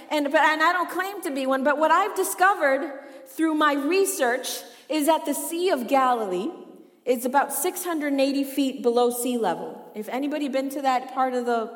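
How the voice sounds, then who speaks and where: A woman's voice: sits high, a bit bright, in a large hall. A woman preaching a sermon, chatty and laughing often, asking the congregation questions as she reads from the Bible.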